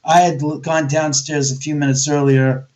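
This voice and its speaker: A man speaks as a guest on a video call, his voice sitting a little high for a man. He tells stories casually and animatedly, and his pitch leaps whenever he acts out what someone said. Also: little pitch movement, moderate pace, a little mellow. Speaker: guest, author. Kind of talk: casual storytelling interview.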